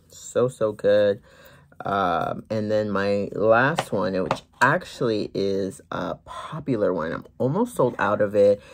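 Slow, gravelly-voiced gloss maker. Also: mid-range voice. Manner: unhurried, frequent ums, gentle asides. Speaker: small lip gloss brand owner. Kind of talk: product showcase vlog. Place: corner of a home room.

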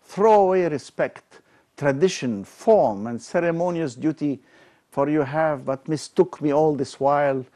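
A man's voice: a little high, natural voice. A man reciting brooding deposed King Richard II. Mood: bitter. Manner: slow, declamatory, swelling and falling in loudness. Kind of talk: dramatic verse recitation.

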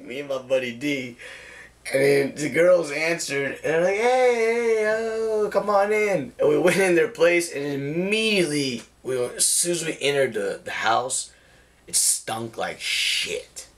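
A man's voice: mid-range voice, a bit bright. A young man casually telling a wild personal story, laughing often and swearing freely.

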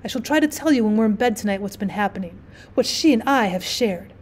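A woman's voice: medium pitch, lively intonation, fast talker, a little mellow, slightly rough. A woman voicing an eager, adoring young wife who earnestly pleads with her husband, read in the reader's own voice. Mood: pleading.

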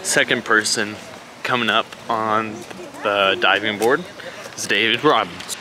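A man's voice: on the low side, a little slow. A man vlogging casually, teasing his friends and mock-announcing their dives outdoors in a city. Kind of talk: casual vlog chat and joking. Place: outdoors in a city, by a pool and in town. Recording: noisy outdoor ambience.

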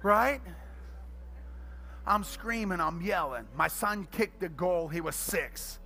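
This middle-aged male pastor speaks slowly in a high, creaky voice. He preaches with energy, telling comic stories and alternating quiet asides with loud shouting.

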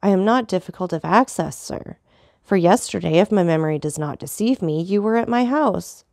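A woman voicing a calm, commanding aristocratic man who stays coldly polite. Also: lowish voice, gravelly, no echo, studio quality. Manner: calm, measured, dignified.

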